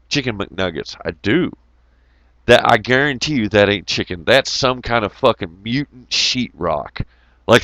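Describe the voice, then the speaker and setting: A man's voice: medium pitch, fairly bright tone, no room sound. A man giving a profane, rambling, jokey monologue to his viewers, laughing often. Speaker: YouTube commentator. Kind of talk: casual ranting monologue.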